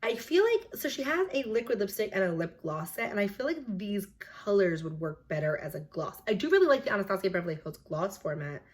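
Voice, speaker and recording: A woman's voice: medium pitch, sing-song, a little fast, few pauses. A young woman talking casually and chattily as a beauty vlogger, sharing her opinions on new makeup releases with lots of "like" and "um". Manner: chatty, opinionated, filler-heavy. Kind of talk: casual product review.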